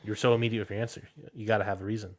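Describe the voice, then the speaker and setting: A man's voice: on the low side, little pitch movement, rapid-fire. A man co-hosting a podcast in casual chat, analytical and quoting stats he has looked up. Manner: analytical, quotes stats he looks up. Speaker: podcast co-host.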